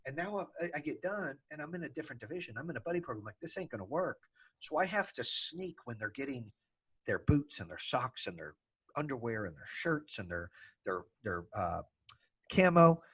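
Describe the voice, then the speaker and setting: A man hosting a podcast, telling a story in a casual, animated way, swearing freely and laughing as he talks. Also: mid-range voice, a little fast, husky. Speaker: podcast host.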